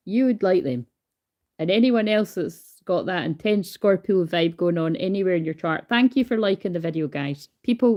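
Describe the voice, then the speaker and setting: A hyper woman chats through a casual card reading on a livestream, talking into her phone. She swears freely and keeps up an easy, informal patter at a middling pitch. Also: highs cut off. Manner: chatty, swears freely, calls herself hyper. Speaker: tarot card reader.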